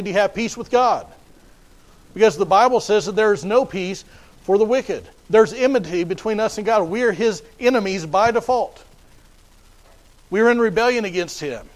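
A man's voice: high voice, poor audio. A man preaching a sermon in an emphatic, repetitive way, often restarting his phrases.

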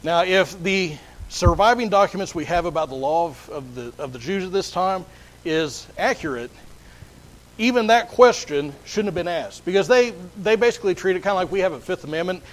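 A man's voice: high voice, expressive, moderate pace, poor audio. A man preaching a sermon, explaining a Bible passage earnestly and often repeating words as he restarts. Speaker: pastor.

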